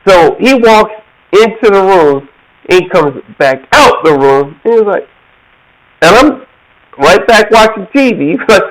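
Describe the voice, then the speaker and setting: A man from the American South tells a story slowly and casually, his voice high and bouncing all over. He slips into other people's voices as he tells it, and he laughs often. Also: poor audio. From Georgia, USA. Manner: animated, laughs often, acts out quoted voices.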